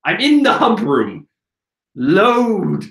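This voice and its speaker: A man's voice: high-pitched, huge pitch swings, drawn-out words, fairly bright tone. A man casually reading a comic aloud and chatting, with a giggly manner, at home. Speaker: manga reading channel host. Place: room at home. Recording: roomy echo.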